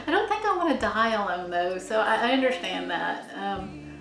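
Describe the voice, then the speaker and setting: A woman's voice: mid-range voice, big pitch swings, unhurried, creaky, a bit bright, slight background noise. Musing middle-aged woman in an echoey room. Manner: meandering, musing, often restarts and trails off. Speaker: vlogger. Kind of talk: rambling reflective monologue.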